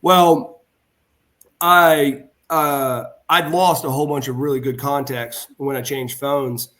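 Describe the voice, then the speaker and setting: A man's voice: mid-range voice, slow. A middle-aged man, a former pro wrestler guesting on a podcast, telling a long heartfelt story with plenty of restarts and acted-out dialogue. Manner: rambling anecdotes with frequent restarts and retold dialogue; animated, heartfelt delivery. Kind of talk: casual storytelling in a podcast interview.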